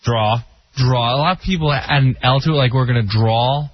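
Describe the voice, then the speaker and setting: A man's voice: medium pitch, a little fast, a little hiss or hum. A man calling in to a radio show, explaining plainly. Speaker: caller. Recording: distant echoey phone line on radio.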